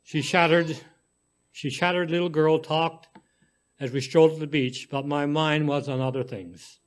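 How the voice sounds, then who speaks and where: A man reading a short story aloud in a gentle, unhurried way, now and then stumbling and restarting a word. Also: on the high side, steady tone. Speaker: story reader.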